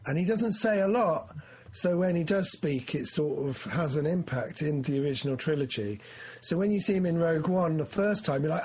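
Man, husky and a touch high-pitched; loose, rambling film chat with bursts of excitement. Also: normal speed. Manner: rambling, animated, acts out his excitement. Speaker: film discussion co-host. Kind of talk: casual chat.

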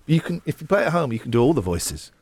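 A man's voice: medium pitch, very animated, darkish tone, slightly rough. A man hosting a radio show, playfully teasing his co-hosts in casual banter. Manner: playful, quick to tease. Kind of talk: casual banter, accent guessing game.

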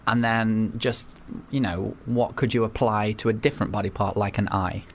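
A man's voice: fairly low pitch, steady tone, normal speed, slight background noise. A young man hosting a radio show, teasing and playful with lots of restarts. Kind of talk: casual comedic chat.

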